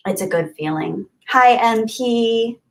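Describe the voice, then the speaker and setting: A woman with a slightly high, gravelly voice talks slowly while hosting a livestream. She chats casually and greets viewers from the chat, thanking them in a warm, gushing way and laughing often as she reads their messages.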